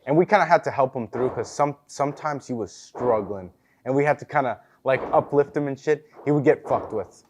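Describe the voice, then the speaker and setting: A young man, a podcast guest, telling boot camp stories in relaxed casual chat, laughing often and swearing easily. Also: medium pitch, fairly quick, noisy background.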